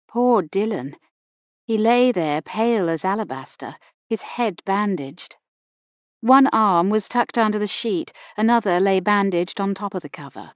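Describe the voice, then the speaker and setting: A woman narrating a mystery novel in the first person, in a measured, reflective way. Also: mid-range voice, no room sound, highs cut off. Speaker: audiobook narrator.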